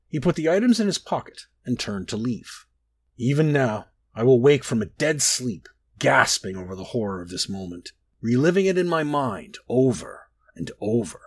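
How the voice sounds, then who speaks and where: A man reading a dark first-person fantasy story aloud, brooding and expressive with dramatic rises and drops. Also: mid-range voice, slightly rough, dry recording. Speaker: narrator.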